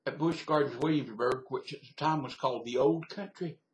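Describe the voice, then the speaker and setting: A man's voice: medium pitch, brisk, slight background noise. An older man from Virginia with a Southern accent, rambling casually as he tells a story to his webcam and laughing at his own memories. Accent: Southern American (Virginia). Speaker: vlogger telling a story. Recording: echoey room via webcam.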